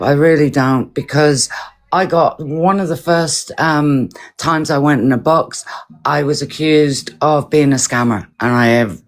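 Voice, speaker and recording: A woman earnestly pleading for everyone to calm down during a live-stream argument. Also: deep voice.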